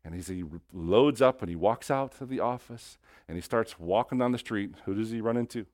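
A man preaching a sermon, telling a story with animated swings between hushed and loud delivery. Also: on the low side, fairly quick, no room sound, clean studio sound.

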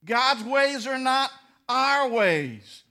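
High-voiced preacher man, playful storyteller. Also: lively intonation, drawn-out words, bright, forceful tone. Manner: storytelling with mimicked dialogue, bursts of laughing emphasis. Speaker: pastor. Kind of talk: humorous sermon.

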